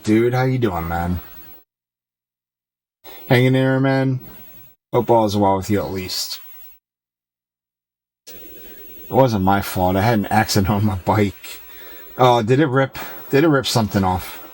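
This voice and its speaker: Low-voiced man chatting on a game stream. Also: a little hiss or hum, poor audio. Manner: rambling, loose and joking, reads chat aloud. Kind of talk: casual chat with stream viewers while gaming.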